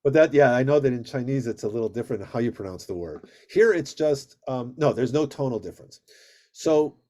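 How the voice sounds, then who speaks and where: A rabbi teaching a Hebrew reading class on a video call, patient and steady, drawing out vowel sounds in drills. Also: male voice, mid-range voice, fairly quick.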